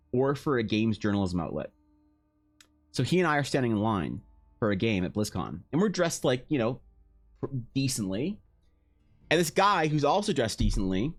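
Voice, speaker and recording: A young man on a live art stream tells a long anecdote in loose, rambling chat, slipping into other people's voices and cursing freely. His voice sits at an ordinary middle pitch. Faint music plays quietly behind him. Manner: rambling storyteller, swears, acts out dialogue. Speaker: streaming artist.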